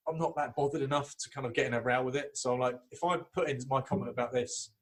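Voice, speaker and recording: A man's voice: mid-range voice, fairly even intonation, quick pace. A man in casual podcast chat, telling anecdotes and laughing often. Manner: chatty storyteller, laughs often. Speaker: podcast guest.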